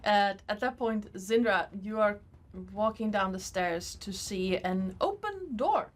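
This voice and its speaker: A woman's voice: medium pitch, animated. A woman narrating a tabletop game as game master, describing scenes loosely with many "like"s. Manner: unhurried, loose descriptions full of "like".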